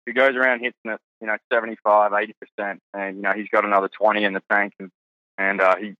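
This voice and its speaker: A man with an Australian accent, a guest golf pro in casual podcast chat, halting and repeating words. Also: lowish voice, little pitch movement, dry recording, phone-quality sound.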